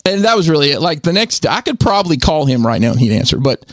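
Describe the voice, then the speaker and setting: Man, podcast co-host, slightly high voice, casual storyteller who voices every character himself, close dry mic. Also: fast, no room sound. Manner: animated, acts out both sides of a conversation in quoted voices.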